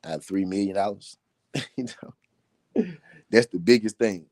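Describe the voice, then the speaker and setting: Man, deep voice, emphatic repetition, casual live talk, dry close sound. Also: normal speed, a little mellow, no echo. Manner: repetitive, emphatic, laughing between points. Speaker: boxing talk show host.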